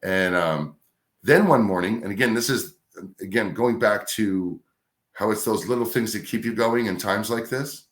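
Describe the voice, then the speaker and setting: A middle-aged man, a radio host, telling a career story in a casual, animated way. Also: lowish voice, moderate pace. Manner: animated anecdote telling with acted-out quotes. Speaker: radio host, podcast guest.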